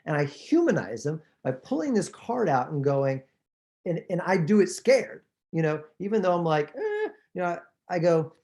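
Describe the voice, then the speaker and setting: Podcast host guy, super lively voice, bouncy and excited. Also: a little high, moderate pace. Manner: animated, enthusiastic storyteller. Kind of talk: conversational podcast chat.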